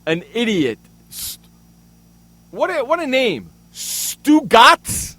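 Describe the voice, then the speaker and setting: A man hosting a sports radio show, ranting angrily and loudly with plenty of profanity. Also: very high voice, very animated, takes it slowly, no echo. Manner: loud, angry, profane ranting. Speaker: radio host. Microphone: studio microphone.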